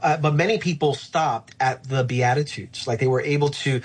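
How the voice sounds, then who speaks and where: A man's voice: mid-range voice, normal speed, hardly any pauses, slightly rough. A man who is a pastor, speaking reflectively and earnestly in an interview, with frequent fillers. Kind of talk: conversational interview answer.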